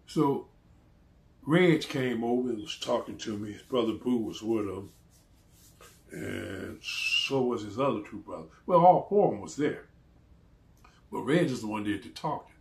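A man telling a story in a casual, animated way, laughing often and acting out the people he quotes. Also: fairly low pitch, a little slow, creaky, pauses often, roomy sound.

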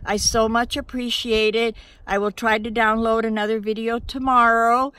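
A woman's voice: on the high side, flat delivery, normal speed, a bit bright, clean tone, no echo. A woman vlogging outdoors from her van campsite in the woods, talking to her viewers in an earnest, grateful, chatty way. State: out of breath. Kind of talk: casual vlog talk to camera.

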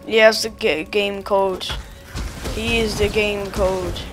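A gamer giving let's-play commentary, excitable and quickly exasperated, talking back to the game as they play. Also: medium pitch, over music. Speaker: gamer playing through a game.

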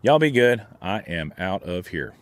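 A gun channel host delivers an opinion vlog rant, his low voice very animated and a little slow, with no echo. He sounds heated and indignant, restarting his sentences often.

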